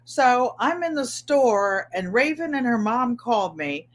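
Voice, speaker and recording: A woman's voice: on the high side, very animated, unhurried. A middle-aged woman hosting a casual livestream, greeting viewers by name and chatting about her week, often repeating her phrases. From Connecticut. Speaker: livestream host.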